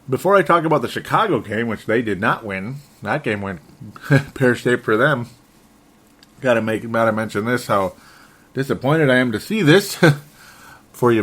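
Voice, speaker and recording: A man's voice: medium pitch, fairly bright tone. A man hosting a solo sports talk show, frustrated and rambling, often correcting himself and chuckling. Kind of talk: solo sports podcast commentary.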